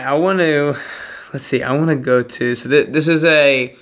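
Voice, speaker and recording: Male podcast host, mid-pitched, relaxed interviewer who searches aloud for his words. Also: clear, resonant tone. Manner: hesitant, searching phrasing with many "like"s. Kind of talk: casual interview questions.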